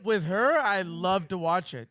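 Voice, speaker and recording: A man's voice: high-pitched, lively intonation, measured pace, pushed and bright, no echo. A man co-hosting a podcast in casual, playful banter and laughing often. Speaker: podcast co-host.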